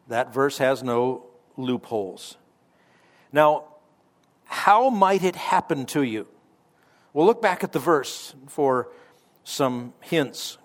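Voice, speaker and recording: Man, pastor, radio sermon, conversational teaching, middle pitch, stresses key words.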